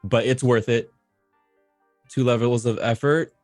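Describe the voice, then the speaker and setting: A man's voice: mid-range voice, fairly even intonation, measured pace, a little mellow, faint music behind. A man playing a tabletop role-playing game, eager and casual. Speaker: player.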